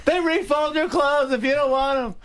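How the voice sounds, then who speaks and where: A man doing a yelling, incredulous comedian. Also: slight background noise. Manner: high, loud, drawn-out questions answered in a yell. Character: incredulous adult male comedian who yells his punchlines.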